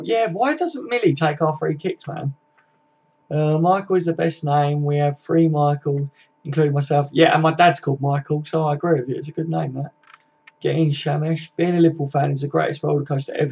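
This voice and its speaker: A man's voice: on the high side, a little mellow, slightly rough. A man hosting a casual football fan live stream, reading out chat comments in a laddish way, swearing and calling viewers mate. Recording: dull lo-fi stream audio.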